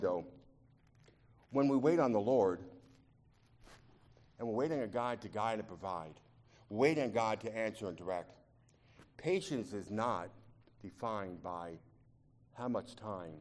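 A pastor with a fairly low-pitched voice delivers a sermon, moving from quiet, confiding speech to loud, impassioned pleading. He often repeats words as he starts over.

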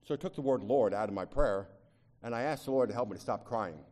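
Speaking fast at a medium pitch, this preacher swings between hushed, intimate remarks and loud, fervent appeals during his sermon. He frequently restarts, repeating words as he does.

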